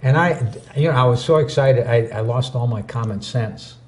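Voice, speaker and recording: A man co-hosting a talk show, telling a story in an animated, anecdotal way. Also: medium pitch, moderate pace. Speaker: co-host.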